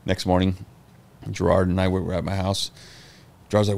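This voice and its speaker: Deep and gravelly, a bit quick: that's how this middle-aged podcast guest sounds as he tells stories in easygoing talk. Animated and swearing freely, he voices the people he's quoting.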